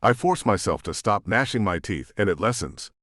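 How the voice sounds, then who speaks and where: A man narrating a first-person romance audiobook in an expressive, emotional way. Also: fairly low pitch, normal speed, dry recording, clean studio sound.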